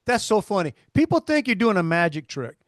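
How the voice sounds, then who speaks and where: Animated and brisk, this middle-aged South Louisiana podcast co-host spins stories in casual conversation, restarting often. His high-pitched voice comes through clean studio sound without echo.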